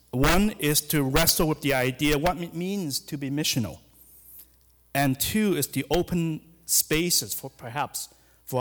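A middle-aged man, a hospital chaplain giving a sermon in a church, speaking hesitantly with many fillers and restarts. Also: a little high. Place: church sanctuary. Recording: long hall reverb.

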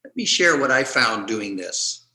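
A man preaching a sermon, reading scripture aloud in a measured, deliberate way with dramatic swings between loud and hushed. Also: fairly low pitch, sing-song, echoey room, poor audio. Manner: slow, measured delivery with dramatic shifts in loudness.

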